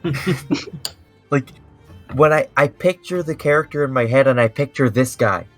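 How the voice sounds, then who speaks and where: A man chatting casually as a player in a tabletop game, halting and laughing often. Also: mid-range voice, soft background music.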